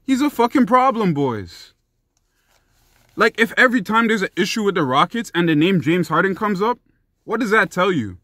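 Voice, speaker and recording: A man's voice: high-pitched, lively intonation, normal speed, pushed and bright, no room sound. A young man giving heated, profane sports commentary in a ranting vlog style.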